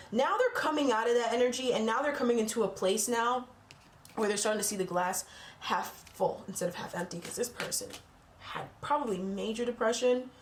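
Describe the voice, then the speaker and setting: A woman's voice: on the high side, reverberant, a little hiss or hum. A woman doing a casual tarot reading for her channel, talking bluntly and swearing freely as she gets heated. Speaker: tarot reader.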